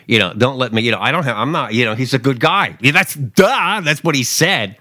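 A man's voice: medium pitch, lively intonation, normal speed, sharp tone, dry recording, clean studio sound. A man hosting a political commentary show, talking casually and sarcastically, often mocking other people's voices.

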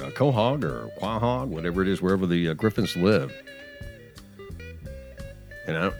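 A man hosting a casual talk show, telling digressive stories with frequent restarts and chuckles. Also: low voice. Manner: chatty, digressive storyteller with frequent restarts and laughs. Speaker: radio or podcast host.

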